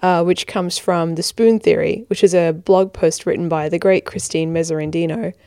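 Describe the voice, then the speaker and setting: Her voice is lowish and warm, captured with no echo at studio quality. She's a tired woman in her twenties with an American-Australian hybrid accent, hosting a casual, giggly, self-deprecating podcast from a blanket fort in her bedroom.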